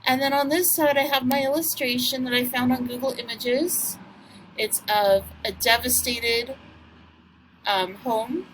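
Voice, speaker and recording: A woman teacher giving a recorded vocabulary lesson to students, speaking patiently and encouragingly and sounding words out slowly. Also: high voice, fairly even intonation, a bit bright, a little hiss or hum.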